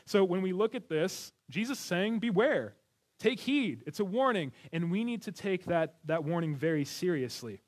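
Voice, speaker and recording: With a high, lively voice at normal speed and barely any pauses, a man preaches to his congregation as their pastor. His delivery is earnest and conversational, punctuated by restarts and light laughter.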